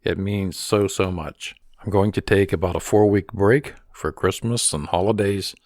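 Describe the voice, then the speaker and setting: A man hosting a podcast interview, hoarse and losing his voice, talking in a halting way and repeating words. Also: sits low, a little mellow, dry recording, studio quality. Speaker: podcast host.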